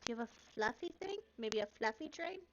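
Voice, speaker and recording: A woman voicing a tiny, childlike furry girl with a tail and claws, bubbly and quick to apologise. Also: a little high, lively intonation, muffled recording, noisy background, pitched above the performer's own voice, lightly acted. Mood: hopeful.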